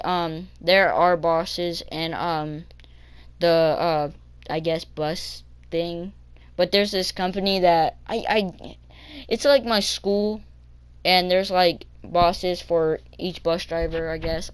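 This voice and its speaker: A teenage boy telling a story for his vlog in a halting way, with many ums and restarts. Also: high voice, a bit bright, smooth. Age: teens. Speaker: vlogger.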